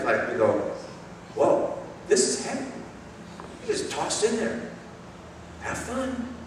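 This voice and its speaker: A man preaches a sermon, slipping into animated, self-mocking stories. His voice sits a bit high and swings widely in pitch. He is picked up from across a large, reverberant hall with faint background noise. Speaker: pastor. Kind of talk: sermon with humorous storytelling. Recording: echoey hall, mic far off.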